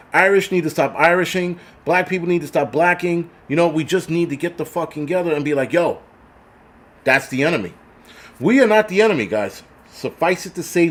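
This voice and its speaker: Blunt, foul-mouthed ranting man. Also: fairly high pitch. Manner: blunt, heavily profane, repetitive restarts. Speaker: livestream host. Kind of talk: ranting livestream chat, reading donations.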